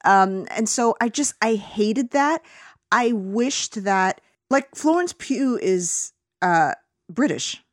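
A woman's voice: medium pitch, slow pace, dry recording. Ranting woman, dry sound. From United States. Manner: animated, ranting, many fillers and restarts. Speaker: podcast co-host reviewing a film. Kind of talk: casual opinionated chat.

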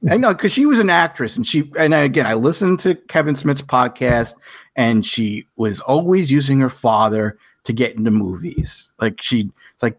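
A man's voice: mid-range voice, expressive, brisk, no echo, studio quality. A man hosting a podcast in casual chat, telling long rambling stories and acting out quoted back-and-forths. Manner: rambling storyteller who acts out quoted exchanges. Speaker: podcast host.

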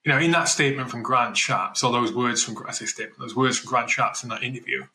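A man's voice: medium pitch, steady tone, fast, sharp tone, low-quality recording. A man co-hosting a casual current-affairs podcast, chatty and thinking aloud as he talks. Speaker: podcast co-host.

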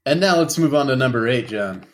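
A man co-hosting a podcast in relaxed casual chat, keeping things moving through a list. He teases his partner in a deadpan, wry way. His voice sits at an ordinary middle pitch. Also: brisk. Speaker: podcast co-host running the list.

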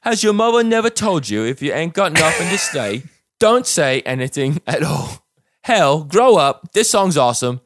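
A man's voice: a little high, sing-song, moderate pace, no echo, pitched above the performer's own voice. A man voicing a brash young woman online commenter in a put-on Cockney accent, reading her angry comment. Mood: indignant.

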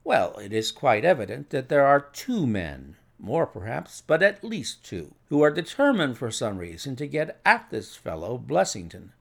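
A man's voice: medium pitch, wildly swooping pitch, moderate pace, vocal fry, hardly any pauses, exaggerated voice. A man voicing a confident detective who lays out his reasoning. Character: sharp, confident male detective.

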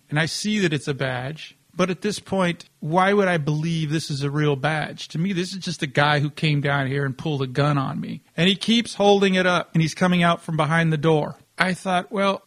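A man with a somewhat high voice tells a personal story in a relaxed, conversational way. He acts out what each person said as he retells it. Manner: casual, conversational, animated retelling with quoted dialogue.

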